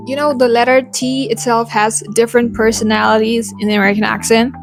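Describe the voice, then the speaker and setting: Young woman, Indian English accent, fairly high voice, pronunciation lesson, repeats words slowly, soft music behind. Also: steady tone. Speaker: accent coach.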